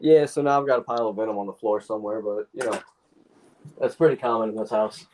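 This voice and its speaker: A man's voice: on the low side, quick pace, darkish tone, a little hiss or hum. A man chatting casually on a live stream in an offhand, matter-of-fact way.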